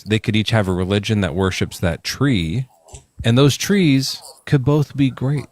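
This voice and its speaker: A man's voice: lowish voice, fairly quick, darkish tone. Man hosting a casual debate stream. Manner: questioning, reads verses aloud. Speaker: stream host.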